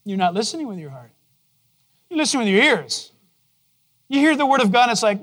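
A man preaching a sermon to his congregation in a conversational way, asking them questions and dropping to a soft, low voice for gentle moments. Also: sing-song, a little fast, pauses often. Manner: drops to a soft, low voice to quote God gently. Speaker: pastor. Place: church.

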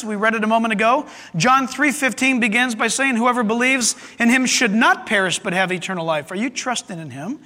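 A man preaches in a very high, sharp voice. He quotes scripture with emphasis and keeps turning to the congregation with rhetorical questions. His words ring out with a long reverb in a large sanctuary. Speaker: pastor. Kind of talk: sermon.

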